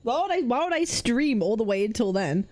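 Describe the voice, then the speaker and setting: Lively British woman streamer. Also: fairly high pitch. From Britain. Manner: rambling, self-deprecating, quick, repeats herself. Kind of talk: casual live-stream chat.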